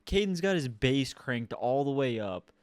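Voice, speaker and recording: This young man from Ohio has a smooth, resonant voice and tells a story with plenty of swearing and exasperation. He is recorded close and dry, with no room sound. The talk is a casual podcast chat. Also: mid-range voice, measured pace, dry recording. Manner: swears a lot, animated and exasperated. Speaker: podcast co-host.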